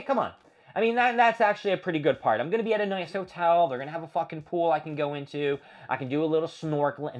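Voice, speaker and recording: A podcast host from the Philadelphia area rants alone in a profane, exasperated monologue. His voice is on the high side with a fairly bright tone, though the highs sound cut off.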